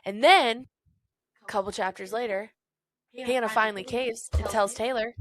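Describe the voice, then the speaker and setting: A woman's voice: on the high side, fairly even intonation, normal speed, pauses often, crowd noise. A woman co-hosting a casual book podcast, retelling scenes animatedly, acting out quotes and laughing often. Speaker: podcast co-host. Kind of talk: casual book-discussion chat.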